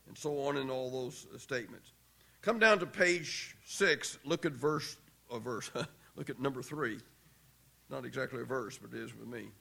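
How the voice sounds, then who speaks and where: An older man teaching a Bible class in a conversational lecture, pausing often with "uh" as he works through his notes. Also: a little high, vocal fry, sharp tone. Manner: conversational, with many "uh" pauses.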